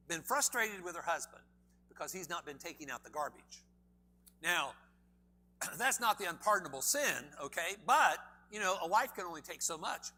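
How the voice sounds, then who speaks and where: A man's voice: fairly high pitch, sharp tone. A man preaching a sermon in a church, emphatic and full of questions to the congregation. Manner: emphatic, asks the audience many questions.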